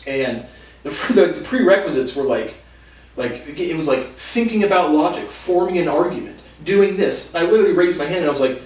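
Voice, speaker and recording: A man's voice: on the high side, lively intonation, brisk, recorded from a distance. A young man telling college stories in a casual monologue, profane and sardonic, laughing between lines. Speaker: host. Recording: roomy echo, voice off-mic, faint noise.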